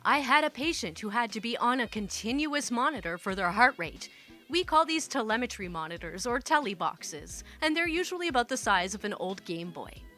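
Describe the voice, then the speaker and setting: A woman's voice: a little high, sing-song, normal speed, pushed and bright, faint music behind. A woman hosting a storytime channel, reading online stories aloud and riffing between them casually and profanely, laughing often.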